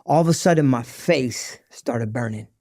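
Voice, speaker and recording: A man, a podcast guest, telling his recovery story in an animated, slangy way and acting out the dialogue. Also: medium pitch, normal speed, no echo, studio quality.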